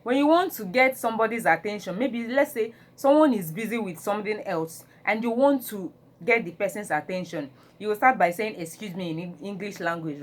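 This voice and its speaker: A woman teaching phrases, repeating each one in English and Igbo, animated when acting them out. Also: mid-range voice. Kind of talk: slow phrase-by-phrase language lesson.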